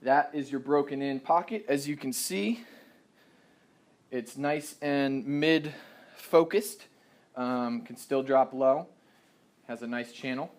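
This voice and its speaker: A young man casually explaining a hands-on stringing job step by step, chatty and relaxed, with self-deprecating asides. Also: mid-range voice, slow pace, long pauses. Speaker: lacrosse stringing instructor. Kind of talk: casual how-to tutorial.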